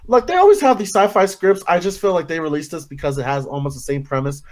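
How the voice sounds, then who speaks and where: A man's voice: on the high side, fast. A young man co-hosting a casual podcast chat, cracking jokes in easy slang and laughing hard. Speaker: co-host.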